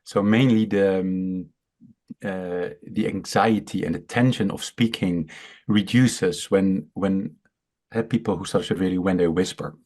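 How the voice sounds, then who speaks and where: A man's voice: low voice, fairly even intonation, a little mellow. A man from the Netherlands with a Dutch accent, a startup founder who stutters, explaining his product with many fillers and restarts. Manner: explanatory, halting. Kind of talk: interview on a video call.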